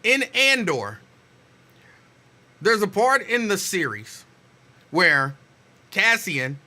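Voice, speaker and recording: Host: man with a piercing, sharp, fairly high voice, easy conversational delivery. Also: very animated, slow pace. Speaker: radio show host. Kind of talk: casual talk radio.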